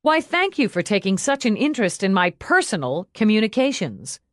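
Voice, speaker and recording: Hard-edged female cop, voiced by a woman, blunt, sarcastic, raised pitch, dry close sound. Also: big pitch swings, moderate pace, no echo, lightly acted. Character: tough, blunt female police lieutenant.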